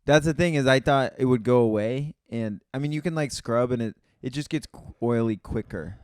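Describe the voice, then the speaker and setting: Young male podcast co-host, mid-pitched voice, deadpan jokes, dry close mic. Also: normal speed, smooth, no echo. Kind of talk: casual comedic banter.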